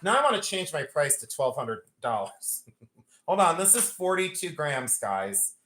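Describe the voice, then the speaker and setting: Host for a live jewelry stream: a man, bright and animated, joking and teasing viewers, swears casually. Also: on the high side, unhurried. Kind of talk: live-stream sales chat.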